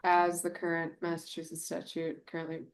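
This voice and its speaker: A woman chairing a town committee meeting, informal and brisk, thinking aloud as she edits a document. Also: low voice, completely flat delivery. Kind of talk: casual meeting talk.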